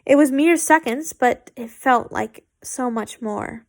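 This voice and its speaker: A woman's voice: sits high, slow. A woman reading fan fiction aloud, stumbling and correcting herself, with chatty asides.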